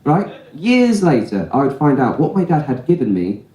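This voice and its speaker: Young male stand-up, warm mellow tone, casual storyteller, live club room echo. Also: fairly high pitch, sing-song, normal speed. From England. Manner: conversational storytelling with frequent "right?" asides. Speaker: stand-up comedian. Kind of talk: stand-up comedy set. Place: comedy club stage before a laughing audience.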